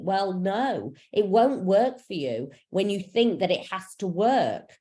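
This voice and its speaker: Over a video call, a female spiritual coach teaches in a mellow, expressive, medium-pitched voice, talking slowly and barely pausing. She's frank and chatty, swears freely, and leans on plenty of fillers.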